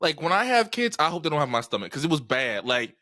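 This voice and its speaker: A man in his twenties telling a story in casual podcast chat, animated and profane as he acts out the people he quotes. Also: on the high side, fast talker. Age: 20s. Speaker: podcast co-host.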